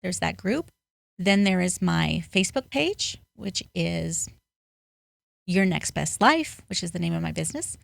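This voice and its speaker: A woman's voice: lowish voice, lively intonation, measured pace, creaky, dry recording. A woman guest on a podcast, a life coach speaking in an earnest, motivational way with emphatic bursts. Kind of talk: podcast interview.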